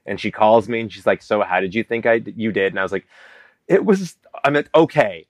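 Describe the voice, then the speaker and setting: A man from Vancouver, Canada, a guest telling a story in a casual interview, animated and acting out quotes with jumps in pitch. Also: fast, dry recording. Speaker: guest, business coach.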